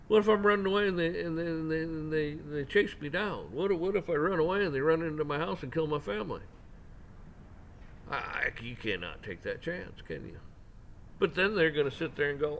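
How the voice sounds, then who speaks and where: A man's voice: on the high side, lively intonation, a little fast, a bit bright, slight background noise. A man hosting a commentary channel, giving a casual opinion rant, rambling and often repeating and restarting his words.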